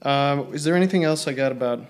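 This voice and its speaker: Guy hosting a chat, mid-pitched, teasing and dry, quizzes his buddy. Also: quick pace. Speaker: host. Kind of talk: casual chat.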